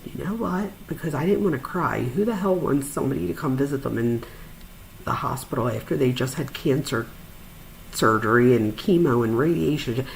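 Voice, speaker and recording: A woman telling a personal story in a chatty, animated way, with frequent fillers and sudden high-pitched asides. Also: vocal fry, slight background noise, low-quality recording. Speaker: podcast host, psychologist.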